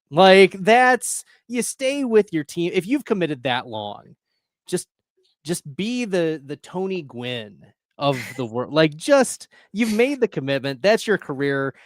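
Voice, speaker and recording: A man's voice: a little high, very animated, takes it slowly, no echo. Emphatic man with a dry, close sound. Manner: earnest, emphatic, many "like"s. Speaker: podcast guest. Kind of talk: casual chat.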